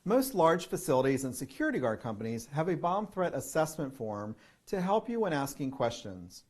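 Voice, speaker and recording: A man calmly giving security training, methodically reading through a checklist of questions. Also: fairly high pitch, normal speed. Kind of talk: instructional narration.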